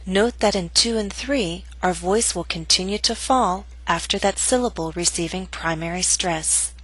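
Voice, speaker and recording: A woman teaching English pronunciation, reading scripted instructions and slow model sentences for learners to repeat. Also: lowish voice, fairly bright tone, no room sound, low-quality recording.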